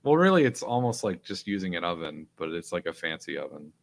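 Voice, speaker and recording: A man's voice: fairly quick, creaky. A young man co-hosting a casual podcast, joking and teasing his friends. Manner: jokey, mock newscaster bits, lively swings in pitch. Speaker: podcast co-host.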